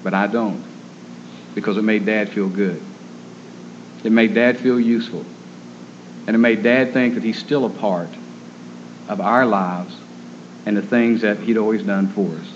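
A man preaching a sermon in an earnest, gentle storytelling manner. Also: fairly low pitch, fairly even intonation, a little slow, long pauses, background noise. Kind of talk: sermon on caring for the terminally ill. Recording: dull lo-fi recording.

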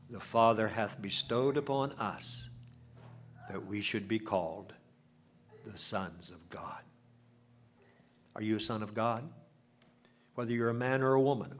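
An older man preaching a sermon, swelling loud for emphasis and dropping to a near hush. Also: mid-range voice. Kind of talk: sermon with invitation.

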